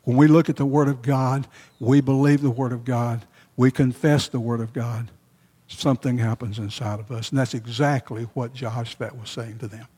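Male pastor, warm husky voice, emphatic sermon delivery with repeated phrases, echoing church hall. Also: mid-range voice.

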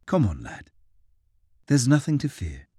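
A gentle, weary army chaplain, played by a male narrator, coaxing softly with a husky edge. The voice sits close in a dry, dead space. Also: medium pitch, wildly swooping pitch, a little slow, no room sound, heavily acted. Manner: soft, coaxing.

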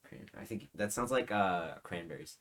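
A man's voice: low voice, normal speed, fairly bright tone. A young man co-hosting a casual podcast, teasing and laughing often. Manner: giggly, teasing. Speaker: podcast co-host. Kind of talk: casual chat.

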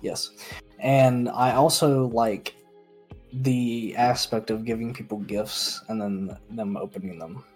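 A man's voice: medium pitch, fairly even intonation, takes it slowly, darkish tone, soft background music. A man co-hosting a casual group chat, laid-back and laughing often. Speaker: co-host.

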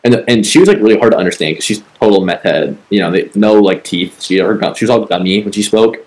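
Poor audio carries a fast-talking podcast co-host whose pitch is fairly low and a little mellow. He tells his story in a rambling, foul-mouthed manner, stuffed with filler words.

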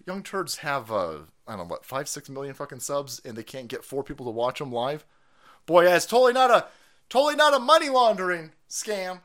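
A man's voice: on the high side, very animated, moderate pace, a bit bright. A man streaming a ranting commentary on news clips, foul-mouthed and sarcastic, often breaking into laughter.

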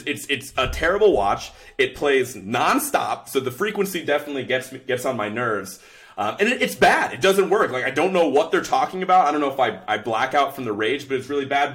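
A man's voice: a little high, fairly bright tone. Ranting casual male podcast host. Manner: ranting, exasperated, laughs often. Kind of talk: casual sports podcast chat.

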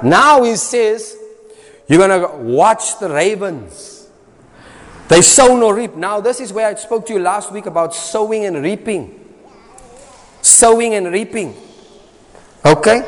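A South African man delivers a sermon in a somewhat high voice, driving each point home through repetition. He swings between loud bursts and quiet asides, and his words ring out with the long reverb of a church hall. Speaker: preacher.

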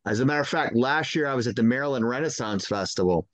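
Man, guest, casual chat, storytelling, mid pitch, dry sound. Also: animated, fast, no room sound. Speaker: Krampus performer guest.

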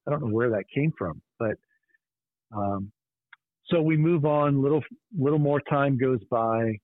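A podcast host telling a personal story in an earnest, intense way. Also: male voice, medium pitch, measured pace, no echo. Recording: tinny phone-like line, dry.

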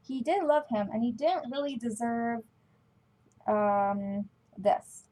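A woman reads a fan story aloud in a casual, chatty way. She often trips over words and goes back to fix them. Her slightly high voice is picked up by a computer mic. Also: unhurried, dark tone, rough recording. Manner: chatty, stumbling, self-correcting. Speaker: fan-fiction reader.

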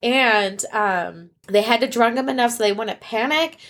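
A woman's voice: on the high side, measured pace, fairly bright tone. Woman, podcast co-host, casual storytelling, chatty retelling. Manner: storytelling, retells events with quoted voices. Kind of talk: casual chat.

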